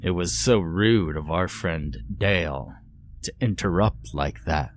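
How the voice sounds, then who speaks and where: A man voicing a sinister, overly polite male stranger who speaks softly with quiet menace, in a horror story reading. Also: deep voice, a little slow. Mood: silky menace. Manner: soft, courteous, quietly menacing.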